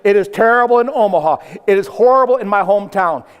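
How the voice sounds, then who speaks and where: He has a high, smooth, expressive voice and a quick pace, an older motivational speaker from South Dakota, United States. In a humorous keynote before a live audience, he tells stories using acted-out quotes and punchy asides, recorded with long hall reverb.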